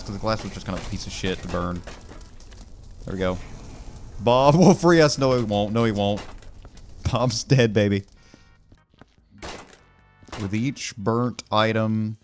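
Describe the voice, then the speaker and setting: A man commentating a cleanup game, rambling and joking with lots of fillers. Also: lowish voice. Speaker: gaming YouTuber. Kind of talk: let's play commentary.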